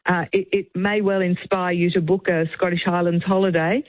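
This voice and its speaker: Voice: mid-range voice, little pitch movement, moderate pace, dry recording. A radio host chatting casually through a film review, with frequent ums. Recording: dry, narrow phone-like sound.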